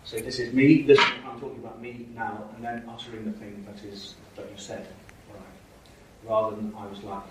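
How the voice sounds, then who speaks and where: A man's voice: lowish voice, steady tone, moderate pace, few pauses. A man giving a university lecture, explaining with frequent checks like "okay?" and "right?". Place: lecture hall. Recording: echoey hall from far off, faint noise.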